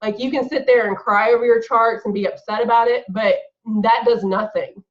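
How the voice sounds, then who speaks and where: A woman's voice: a little high, steady tone, normal speed, muffled recording. A woman giving an earnest, emphatic motivational talk to her sales team on a call. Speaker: guest speaker on a team call.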